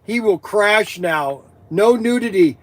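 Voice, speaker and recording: A man hosting a casual livestream, reading viewer comments and teasing them in an excitable, rambling way with frequent laughter. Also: high-pitched, slow. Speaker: livestream host of a toy shop.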